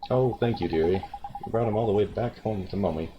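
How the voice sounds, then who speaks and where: A man's voice: lowish voice, fairly quick, lightly acted. A man voicing a motherly older woman shopkeeper who fusses and dotes, read over a game. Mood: doting. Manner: doting, fussy. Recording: dull lo-fi recording.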